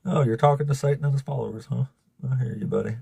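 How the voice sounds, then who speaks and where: A man hosting a casual livestream, laughing and swearing as he thanks viewers, emotional and fighting back tears in a raspy voice. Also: mid-range voice, fast, warm tone, dry recording. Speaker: livestream host.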